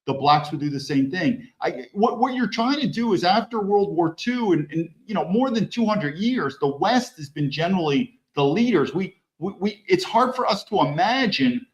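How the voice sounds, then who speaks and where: A man with a somewhat high voice that rises and falls a lot as he comments bluntly on news clips. He talks in a mocking, animated way, and the sound is muffled and lo-fi. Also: normal speed, hardly any pauses. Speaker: political commentator host.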